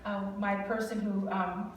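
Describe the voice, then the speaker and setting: A woman's voice: medium pitch, level tone, unhurried, slight background noise. A woman from Wisconsin, a guest speaker prophesying over a family in an informal, chatty way, laughing often and drifting into rambling asides. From Wisconsin, USA. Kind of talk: informal prophetic ministry talk. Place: large hall. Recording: echoey hall recording from far off.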